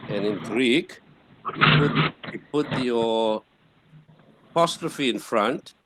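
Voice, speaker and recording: A man giving a classroom lecture, explaining slowly and patiently with frequent restarts. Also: mid-range voice, expressive, heavy background noise. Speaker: teacher.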